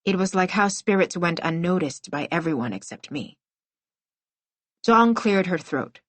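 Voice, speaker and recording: A woman's voice: on the low side, expressive, unhurried, dry recording. A woman reading a first-person middle-grade novel aloud as an audiobook narrator, telling it expressively.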